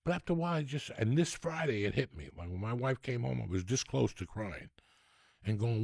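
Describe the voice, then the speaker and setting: A man's voice: medium pitch, fairly quick, vocal fry, no room sound, clean studio sound. A man, telling rambling, profane comic stories as a podcast host. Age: 60s. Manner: profane, rambling, animated storyteller. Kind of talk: storytelling comedy rant.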